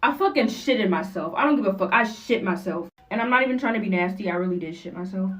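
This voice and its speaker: A woman's voice: mid-range voice, animated, fast talker, fairly bright tone, recorded from a distance, rough recording. Slangy young woman, slightly off-mic. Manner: slangy, blunt, profane. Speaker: storyteller. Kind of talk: casual storytime to camera. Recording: voice a bit off-mic.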